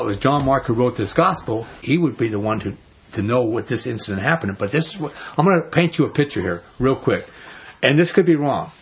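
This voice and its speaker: A male pastor with a very husky, breathy voice delivers a sermon like a casual story, dropping into quick voices for the people in it. The recording sounds dull and lo-fi. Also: medium pitch. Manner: conversational storytelling, acts out voices, chuckles.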